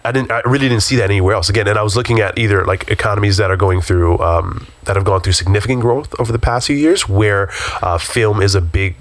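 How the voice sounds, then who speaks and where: A man's voice: lowish voice, fast talker, hardly any pauses, no echo. A man co-hosting a casual podcast, rambling and hesitant with many fillers, and swearing freely. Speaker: podcast co-host.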